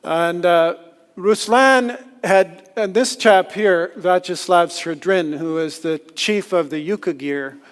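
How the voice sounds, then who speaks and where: A man's voice: high-pitched, slow pace, smooth. Man telling stories on stage. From Canada. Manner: lively, self-deprecating storyteller. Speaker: conference speaker. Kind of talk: storytelling talk. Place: lecture hall. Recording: long hall reverb.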